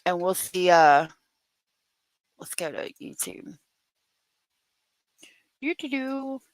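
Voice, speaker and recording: A woman's voice: lowish voice, sing-song, drawn-out words, no echo, low-quality recording. A woman hosting a true crime livestream, chatting casually, reading viewer comments aloud and laughing often.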